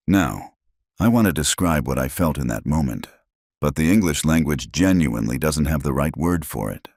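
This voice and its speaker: A middle-aged man narrating a first-person story in a measured way, with dramatic pauses. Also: very deep voice, expressive, gravelly, a little mellow, no echo, clean studio sound.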